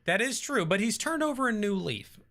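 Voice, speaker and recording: Man, livestream host, bright tone, reads chat comments, casual, filler-heavy. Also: high voice, sing-song, a little fast. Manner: reads viewer comments aloud and answers with frequent fillers. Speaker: streamer reading live chat.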